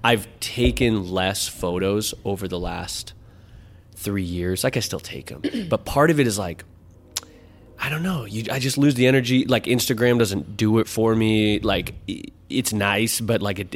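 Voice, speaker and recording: A man's voice: lowish voice, normal speed. A man co-hosting a podcast, chatting casually in a rambling, upbeat way with many fillers. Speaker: podcast co-host. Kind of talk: casual chat.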